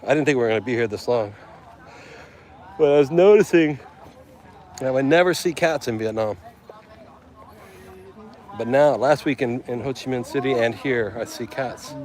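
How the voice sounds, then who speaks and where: A man's voice: mid-range voice, normal speed, pauses often, darkish tone, rough recording. A man walking through a seaside town outdoors, chatting casually and joking for his travel vlog. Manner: joking, chatty, thinking aloud. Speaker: travel vlogger.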